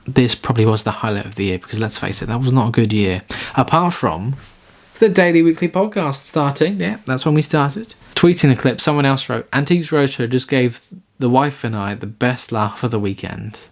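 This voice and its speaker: A man's voice: medium pitch, normal speed. A man hosting a solo podcast, chatting in a rambling, self-deprecating way. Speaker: podcast host.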